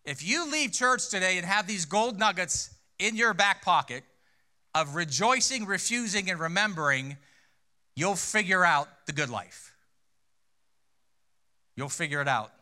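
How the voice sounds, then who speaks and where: A man's voice: sits high, expressive, measured pace, long pauses, sharp tone. A male pastor preaching a sermon in a conversational way, asking rhetorical questions and repeating key phrases for emphasis.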